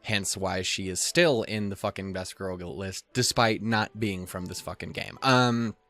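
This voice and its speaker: A man's voice: sits low, steady tone, measured pace, a bit bright. A young man hosting a let's play, rambling and swearing with self-mocking jokes and stumbling over the game text he reads aloud. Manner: rambling, profane and self-mocking, with goofy put-on quotes. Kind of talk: casual let's play commentary.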